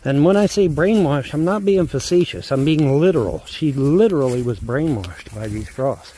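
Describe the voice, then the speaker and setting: A man's voice: fairly high pitch, animated, moderate pace, warm tone, husky. A man rambling casually while filming himself outdoors by a mobile home. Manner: rambling, talks baby talk to dogs. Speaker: vlogger filmed by commentator. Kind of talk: casual self-filmed vlog.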